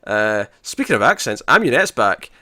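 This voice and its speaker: A man with a mid-range voice hosts a casual TV recap podcast, talking in a chatty, animated way and laughing often. The sound is dry with no room echo. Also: mid-range voice, moderate pace. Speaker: podcast host. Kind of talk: casual episode recap chat.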